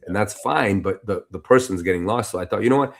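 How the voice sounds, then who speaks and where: A man guest on a podcast, telling a story in a loose, animated, conversational way with lots of filler phrases. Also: fairly low pitch, quick pace, gravelly. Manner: animated, loose and conversational, full of "you know" and "like". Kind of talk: casual storytelling interview.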